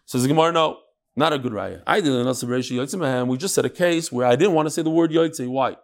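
A middle-aged man giving an informal Talmud lesson, explaining step by step with quick asides. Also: mid-range voice. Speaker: Talmud class teacher.

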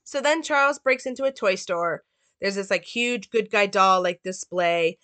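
A woman's voice: mid-range voice, moderate pace, fairly bright tone, no echo. A woman giving a casual analysis and plot recap of a film, talking loosely with many "like" and "um" fillers.

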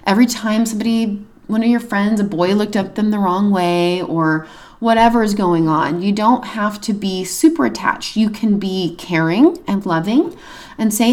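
A woman's voice: mid-range voice, moderate pace, a little mellow. Chatty woman co-hosting an advice talk. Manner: chatty, frequent "like" and "you know" fillers; acts out what she would say to friends. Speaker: podcast co-host. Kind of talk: casual advice chat.

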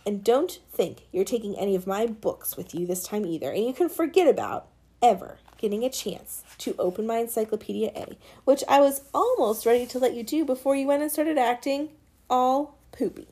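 A woman voicing a feisty, sharp-tongued young girl in an audiobook, taunting and scolding. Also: fairly high pitch, expressive, normal speed. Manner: taunting, scolding, sometimes yelling. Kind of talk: audiobook character reading.

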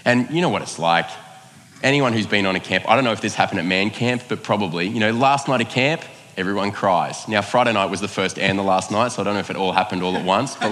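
A man's voice: on the low side, quick pace, fairly bright tone, big-room sound. A man preaching a sermon, telling a personal story in a conversational, self-mocking way and acting out the lines of the people in it. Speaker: pastor.

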